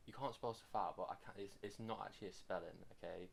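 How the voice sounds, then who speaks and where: A man's voice: low-pitched, fast, gravelly. A man hosting a podcast, chatting casually and explaining the rules of a game between laughs. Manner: laughing, teasing, bossy explaining. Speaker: podcast host. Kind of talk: casual chat, explaining charades.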